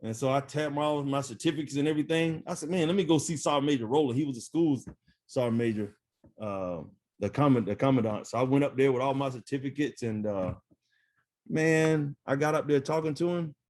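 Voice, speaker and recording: A middle-aged man, a retired army first sergeant, telling stories in a casual interview, animated, laughing often and full of fillers. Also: medium pitch, brisk.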